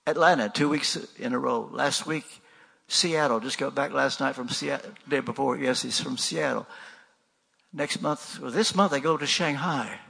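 A man's voice: medium pitch, moderate pace, vocal fry, pushed and bright, slightly rough, in a large hall. An older man preaching a sermon in a conversational way, asking rhetorical questions and repeating refrains.

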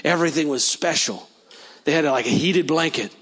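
A man's voice: fairly high pitch, moderate pace, a bit bright, slightly rough. A man preaching a sermon, telling stories and then praying in a fervent, declaring way. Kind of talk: sermon with prophetic prayer. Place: church service.

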